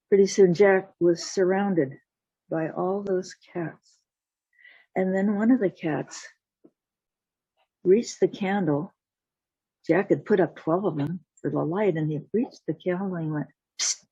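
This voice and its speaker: Slow-paced woman telling a folktale. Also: on the low side, mellow, breathy edge, no room sound. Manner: slow, deliberate, with voiced sound effects. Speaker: storyteller. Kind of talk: told folktale. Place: home, video call. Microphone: video call mic. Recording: dull lo-fi call audio.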